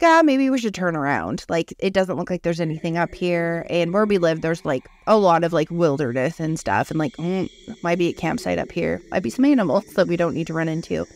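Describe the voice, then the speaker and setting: This podcast co-host, a woman in her thirties, speaks in a lowish voice at a fairly quick pace. She's chatting casually about a creepy thing that happened to her, telling it with animation, cursing freely and performing the quotes.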